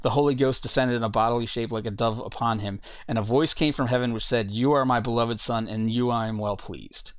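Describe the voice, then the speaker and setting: A man reads scripture aloud and explains it in a steady, plain teaching voice. His pitch sits in the ordinary middle range for a man. The recording is dry and close, with almost no room sound. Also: brisk, hardly any pauses, dry recording. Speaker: preacher. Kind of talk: bible teaching talk.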